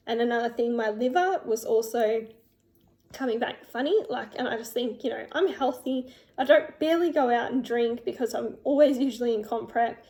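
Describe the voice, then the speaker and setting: A young woman telling her personal story in a vlog, emotional and halting, with many fillers and restarts. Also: on the high side, warm tone. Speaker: vlogger.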